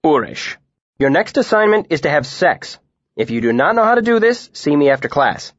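A man's voice: on the high side, big pitch swings, moderate pace, no room sound, muffled recording, pitched above the performer's own voice. A man voicing an eccentric, impish male professor who talks abruptly and dismissively. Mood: teasing.

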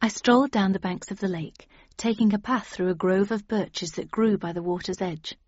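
A woman's voice: medium pitch, moderate pace, a little mellow, breathy edge, no room sound, highs cut off. A woman reading a first-person story aloud, in a dry, wry manner. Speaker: audiobook narrator. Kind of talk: scripted first-person narration.

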